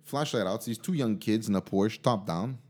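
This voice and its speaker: A man co-hosting a podcast, telling a story in loose, animated casual chat full of fillers. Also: on the low side, moderate pace. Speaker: podcast co-host.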